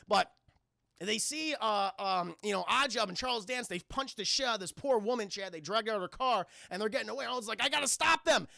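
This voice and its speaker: A man's voice: high voice, brisk, gravelly, pushed and bright, dry recording, studio quality. A man streaming a casual scene-by-scene film recap to his chat, rambling and profane and often calling out to the viewers.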